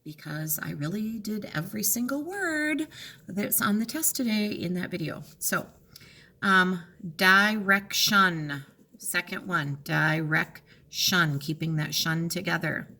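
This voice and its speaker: A woman teaching a recorded lesson, going over test answers in an encouraging, explanatory way and drawing words out slowly to split them into syllables. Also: lowish voice, animated, a bit bright, slightly rough. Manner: slow, drawn-out enunciation of words to split into syllables.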